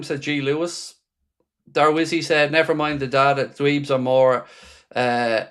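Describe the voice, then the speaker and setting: A man's voice: mid-range voice, fairly bright tone. A man hosting a live football watchalong, reading out viewer messages and answering them with dry, sarcastic fan commentary. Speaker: watchalong host.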